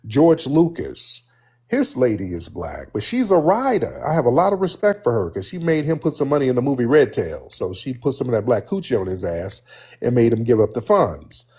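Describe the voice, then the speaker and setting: A man's voice: medium pitch, very animated, moderate pace, darkish tone, breathy edge. A man hosting a heated live-stream call-in debate, blunt and combative, talking over his callers. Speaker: livestream host.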